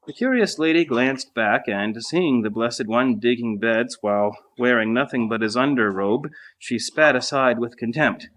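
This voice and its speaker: A man reading a saint's life aloud in a monastery refectory at mealtime, measured and even, with small slips. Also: medium pitch. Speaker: reader. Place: monastery refectory during a meal.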